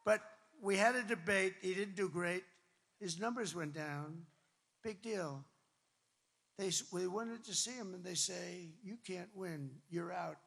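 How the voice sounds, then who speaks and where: A man delivers a campaign rally speech into a podium mic, his voice high, gravelly and forceful. He talks emphatically, repeats lines for effect, drifts into asides, and now and then breaks into a shout. The sound rings with the long reverb of a big rally venue. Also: measured pace, pauses often. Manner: emphatic, repetitive, rambling asides, bursts of shouting. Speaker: political candidate addressing supporters. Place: large rally venue with crowd.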